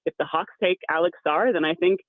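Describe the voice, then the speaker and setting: A woman's voice: lowish voice, fairly quick, dry recording. A woman sports reporter on a radio show, chatty and self-deprecating as she makes her picks. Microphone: phone line. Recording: phone-like call-in line.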